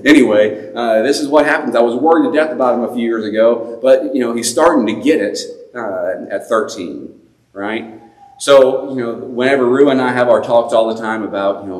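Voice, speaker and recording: A man's voice: on the low side, fairly even intonation, fairly quick, a little mellow. Chatty man preaching in an echoey church. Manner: conversational, self-deprecating, many fillers and restarts. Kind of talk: sermon. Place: church sanctuary.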